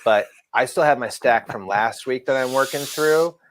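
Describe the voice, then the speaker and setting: A man's voice: medium pitch, moderate pace. A man co-hosting a casual comic book show, rambling, restarting his sentences and laughing often. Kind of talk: casual chat.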